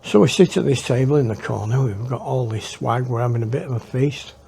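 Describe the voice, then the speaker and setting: A man's voice: medium pitch, fairly quick, creaky, mellow, slightly rough. A man telling his memoir in a rambling, reflective way. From northern England. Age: 60s. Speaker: storyteller. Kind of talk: memoir storytelling.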